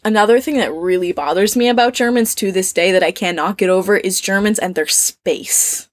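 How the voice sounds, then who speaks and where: A woman with an American accent, chatting casually as a podcast co-host in a camping trailer, animated, laughing often and acting out little quotes. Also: mid-range voice, a little fast. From United States. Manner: animated and laughing, tells stories with mock quotes. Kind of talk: casual chat.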